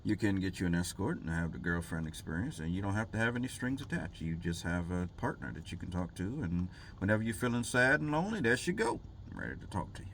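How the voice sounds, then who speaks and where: A man's voice: low-pitched, lively intonation, quick pace, hardly any pauses, fairly bright tone, a little hiss or hum. A man vlogging in a rambling, jokey way, full of fillers and asides. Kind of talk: casual rambling vlog talk.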